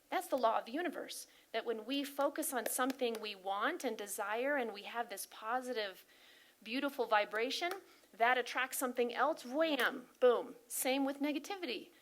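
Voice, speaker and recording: A woman with a slightly high voice delivers an inspirational talk at a spiritual service. She speaks with earnest, animated emphasis and keeps turning to her listeners with questions. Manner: earnest, often questions the audience. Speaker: spiritual practitioner giving a talk.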